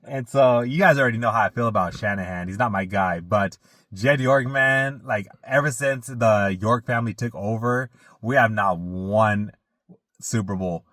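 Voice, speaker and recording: A man with a low voice talks football casually, full of "like" and restarts, and gets louder and higher when he is worked up. The recording is dry and close. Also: moderate pace, dry recording. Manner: rambling, filler-heavy, animated when venting. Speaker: podcast co-host. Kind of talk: casual sports chat.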